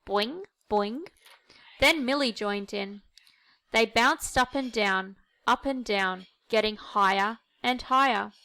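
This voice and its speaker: A woman reads a children's picture book aloud, gentle and expressive, taking her time. Her voice is bright and very clear, a little high for a woman. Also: slow pace. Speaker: storyteller.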